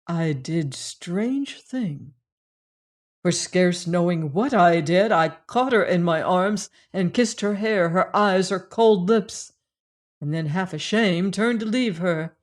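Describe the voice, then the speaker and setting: A woman reading a classic adventure novel aloud in first person, measured and unhurried. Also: lowish voice, darkish tone. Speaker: audiobook reader.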